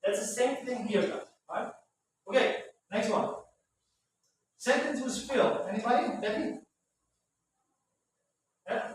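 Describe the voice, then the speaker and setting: High-voiced male teacher in an echoey room. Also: slow, long pauses. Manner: patient, repetitive, ends phrases with "right?". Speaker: English teacher. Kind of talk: classroom vocabulary teaching. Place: classroom. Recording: very echoey room, far from mic, faint noise.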